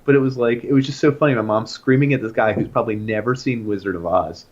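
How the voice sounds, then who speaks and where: A young man co-hosts a casual podcast, recounting an anecdote with growing energy. His voice sits on the low side, and the audio is dull and lo-fi. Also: fast, slight background noise. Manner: animated anecdote-telling, rising to loud excitement. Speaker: podcast co-host. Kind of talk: casual storytelling chat.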